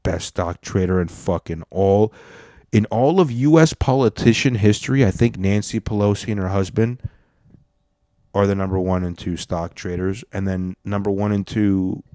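A man's voice: lowish voice, normal speed, mellow, no echo, clean studio sound. A man riffing in a crude, joking comedic rant as a podcast host.

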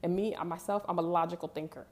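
A woman's voice: on the low side, fairly even intonation, fast. A young woman, telling a personal story to her viewers in a candid, emphatic, conversational way. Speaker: vlogger. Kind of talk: casual storytelling to camera.

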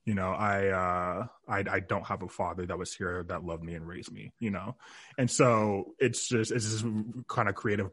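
A man with a husky voice co-hosting a podcast, talking loosely and rambling in a casual chat about music. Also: sits low, dry recording. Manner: loose and rambling, heavy on fillers. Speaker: podcast co-host.

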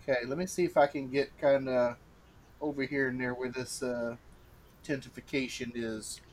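A man's voice: medium pitch, fairly even intonation, normal speed, a little mellow, a little hiss or hum. A man at a tabletop game speaking casually, hesitant and trailing off. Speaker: player.

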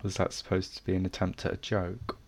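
A man's voice: deep voice, level tone, fairly quick, creaky. Teasing eighteen-year-old English guy. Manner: teasing, dry sarcastic jabs. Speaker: podcast co-host. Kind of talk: casual chat.

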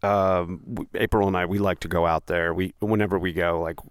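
A man's voice: low voice, flat delivery, fairly quick. A man hosting a podcast, chatting casually and rambling, with frequent fillers and restarts. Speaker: podcast host. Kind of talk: casual chat.

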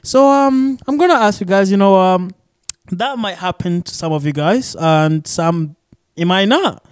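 A man's voice: high-pitched, a little slow, clean tone, no room sound. A young man from Arizona hosting a casual solo podcast, rambling with lots of fillers and cursing, recorded in a shared studio office. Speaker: podcast host.

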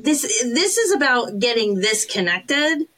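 A woman co-hosting a podcast, talking earnestly and encouragingly in casual chat, with quick laughs and the odd swear word. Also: on the high side, big pitch swings, bright, forceful tone, poor audio. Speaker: podcast co-host, recovery sponsor.

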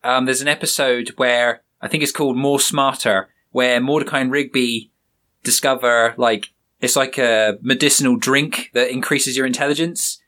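A man's voice: medium pitch, steady tone, normal speed, sharp tone. Chatty man explaining writing craft. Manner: chatty, rambling, hedges with "sort of". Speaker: podcast host and author. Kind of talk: informal talk on creative writing.

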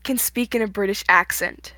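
A woman's voice: medium pitch, normal speed, sharp tone, no room sound. A teenage woman co-hosting a casual podcast, making dry, sarcastic quips. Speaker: podcast co-host. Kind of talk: casual chat.

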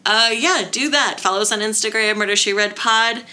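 A woman's voice: mid-range voice, fairly quick, bright, forceful tone. A woman co-hosting a podcast in casual chat, joking crudely and laughing often. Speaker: podcast co-host.

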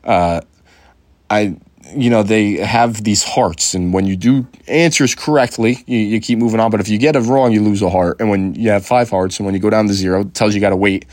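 A man's voice: lowish voice, fairly quick, darkish tone, no echo. A young man hosting a podcast in loose, rambling casual chat, swearing freely and filling his talk with "uh" and "you know" and restarts. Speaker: podcast host.

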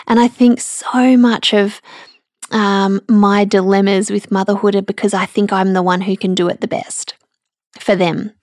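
A woman's voice: mid-range voice, flat delivery, a little mellow, no echo. Tearful woman, dry close sound. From Australia. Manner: candid and emotional, halting with restarts. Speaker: podcast host. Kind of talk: personal podcast monologue.

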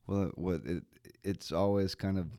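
A man with a very deep, groggy morning voice hosts his podcast in a loose, rambling way, full of fillers and restarts. The recording is dry and close, with no room sound around him. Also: measured pace, dark tone, smooth, dry recording. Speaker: podcast host. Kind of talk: casual podcast intro.

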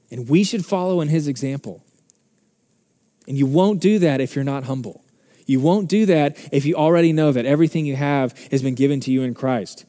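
Fervent preaching man, mellow voice. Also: fairly high pitch, fairly quick, big-room sound. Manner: impassioned, building to fervent peaks. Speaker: pastor. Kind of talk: sermon. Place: church sanctuary.

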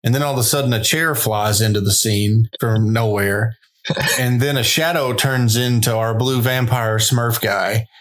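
A man co-hosting a podcast, chatting casually about a horror film, animated and laughing often as he goes off on tangents. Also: medium pitch, unhurried. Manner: animated, laughs often, jumps into silly voices. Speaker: podcast co-host. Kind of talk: casual movie review chat.

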